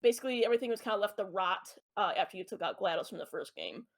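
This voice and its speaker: A woman's voice: medium pitch, lively intonation, rapid-fire. A woman co-hosting a podcast, explaining at length in casual chat with many ums and uhs. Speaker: podcast co-host. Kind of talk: casual chat about a video game.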